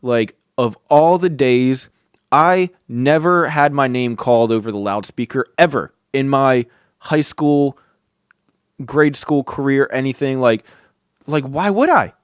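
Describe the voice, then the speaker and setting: A man's voice: mid-range voice, unhurried, clean tone, no room sound, clean studio sound. A young man hosting a podcast, telling a long casual story in a rambling way, swearing often and saying "dude" and "like" constantly. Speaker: podcast host. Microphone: close studio mic.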